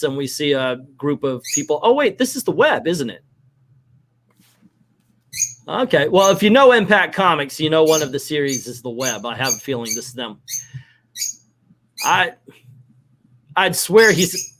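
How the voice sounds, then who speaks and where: A man's voice: on the high side, very animated, moderate pace, pauses often, fairly bright tone, slight background noise. A man hosting a casual comic book read-through, acting out the dialogue with playful voices. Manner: reads dialogue aloud with playful voices and laughs. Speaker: comics channel host.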